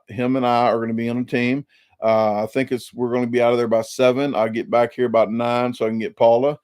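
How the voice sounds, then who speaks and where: A man in his forties from Illinois, talks through a casual live stream. He rambles, restarting sentences and repeating small words as he goes. His voice sits at an ordinary middle pitch, and the sound is dry, with no room echo. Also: darkish tone. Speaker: YouTube channel host.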